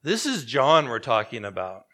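A man preaching a sermon in an animated, conversational way, with sudden hushed drops. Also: medium pitch, moderate pace.

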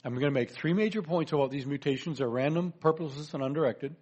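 Husky guy lecturing a crowd, folksy and chatty, cracks jokes. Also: a little high, fast, a little mellow. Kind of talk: presentation lecture with humor.

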